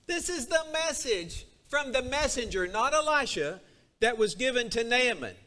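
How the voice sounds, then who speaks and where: Animated high-voiced male preacher. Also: normal speed. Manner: animated, acts out a character's complaints. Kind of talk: sermon. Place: church sanctuary.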